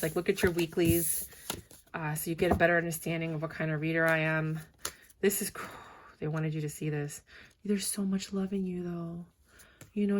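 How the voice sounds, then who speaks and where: A woman's voice: on the low side, a little hiss or hum. A woman giving a casual, chatty tarot reading, talking straight to her viewers with emphatic, cheerleader-like speech. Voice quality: speech she calls cheerleader-like. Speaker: tarot reader.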